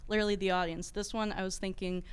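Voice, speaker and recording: Young woman, student filmmaker guest, giggly and bubbly, smooth clear voice. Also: mid-range voice, level tone, fast. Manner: giggly, bubbly, filler-heavy. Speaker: guest film director. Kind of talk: casual interview chat.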